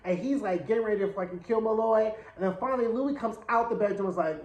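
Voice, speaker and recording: A man's voice: sits high, quick pace, hardly any pauses, darkish tone, dull audio. A man giving a casual episode recap. His retelling is chatty, slangy and dramatic. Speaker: TV show reviewer. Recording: echoey room.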